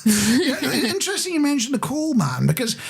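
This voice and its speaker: A husky-voiced man co-hosting a relaxed radio chat show. His pitch moves around a lot as he jokes and reads out listener messages. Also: normal speed. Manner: chatty, jokey, laughs often.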